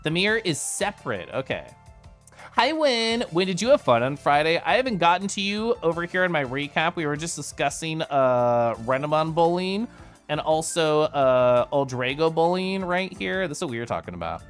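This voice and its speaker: A young man hosts a live stream, talking casually and giggling often. His voice sits a little high and swings widely in pitch. Soft music plays underneath. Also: normal speed. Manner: giggly, animated, chatty with viewers.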